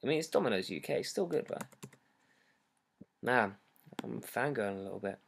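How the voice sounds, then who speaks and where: A teenage boy with a British accent hosts a casual livestream for his fans. He reads their comments aloud in an excitable, rambling, jokey way, over a laptop mic. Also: mid-range voice, a little fast, vocal fry, a little hiss or hum. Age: teens. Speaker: singer hosting a fan livestream. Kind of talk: casual livestream chat reading fan comments.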